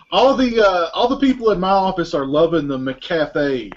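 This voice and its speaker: A man's voice: fairly high pitch, animated, unhurried, highs cut off, slight background noise. A man acting as moderator of a casual group film commentary, introducing each guest and laughing often.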